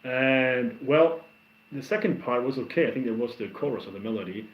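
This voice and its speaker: A man hosting a livestream, casually chatting through viewer comments and telling stories in a rambling, animated way with lots of restarts. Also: medium pitch, moderate pace. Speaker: livestream host reacting to music. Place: home. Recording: roomy, somewhat dull stream audio.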